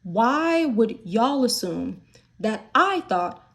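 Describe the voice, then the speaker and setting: A woman's voice: on the high side, sing-song, drawn-out words, fairly bright tone. A woman from the United States talking candidly in a casual vlog, chatty and full of fillers. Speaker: vlogger.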